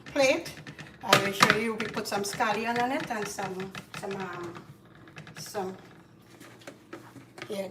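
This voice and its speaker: A woman with a Caribbean accent hosting a casual cooking demonstration, chatty and repeating herself, getting loud and emphatic when she makes a point. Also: medium pitch, distant mic, background noise. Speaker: cooking show host. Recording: echoey kitchen, voice from off-mic. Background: faint clatter of pots and dishes.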